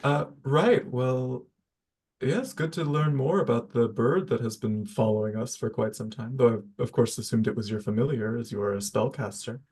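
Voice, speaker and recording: A man's voice: medium pitch, moderate pace, darkish tone, slight background noise. A man with a mid-range voice plays a spellcaster in a tabletop game. He speaks politely and a little formally while in character. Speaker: player. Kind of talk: in-character tabletop role-play.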